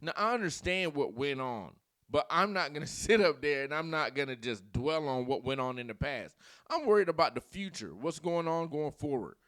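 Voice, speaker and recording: A man hosting a comedic commentary channel. His talk is animated and rambling and drifts into tangents, with his pitch swinging widely on a fairly high voice, and the sound is close and dry. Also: moderate pace, no room sound. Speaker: channel host.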